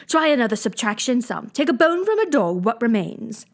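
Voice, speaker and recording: A woman reading aloud and voicing a bossy, sharp-tongued queen who scolds with emphasis. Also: a little high, big pitch swings, normal speed, voice pushed up. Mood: scolding.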